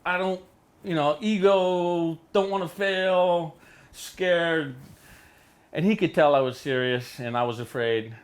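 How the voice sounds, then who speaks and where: A middle-aged man from Hawaii, telling stories in a studio interview with animated delivery, jumping into voices for quoted people. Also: takes it slowly. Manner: animated, acts out quotes with big pitch jumps. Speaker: interview guest. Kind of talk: storytelling in a casual interview.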